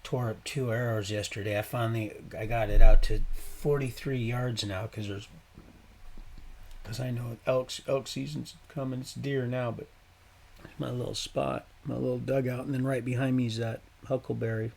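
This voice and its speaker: Gravelly-voiced man rambling on a livestream. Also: mid-range voice, fairly even intonation, normal speed, darkish tone, slight background noise. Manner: rambling, profane, swearing often. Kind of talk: rambling casual storytelling.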